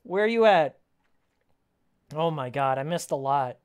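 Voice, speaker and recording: A man's voice: a little high, animated, measured pace, clean tone. Heated ranting male game streamer. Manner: heated, ranting, sarcastic, with frequent laughs. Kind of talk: casual live-stream chat while playing.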